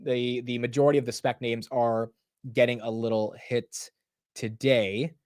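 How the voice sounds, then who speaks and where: A man's voice: mid-range voice, level tone, darkish tone, no room sound, studio quality. Man chatting casually through live stock moves. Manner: chatty, quick asides to the chat, says "bro" and "dude". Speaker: livestream market commentator. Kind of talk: casual live market commentary.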